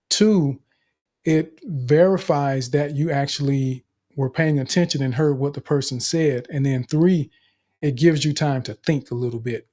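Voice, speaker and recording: A man's voice: on the high side, darkish tone. A man hosting an online speaking group, giving upbeat feedback and numbered tips. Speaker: host and speaking coach. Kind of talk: group coaching session.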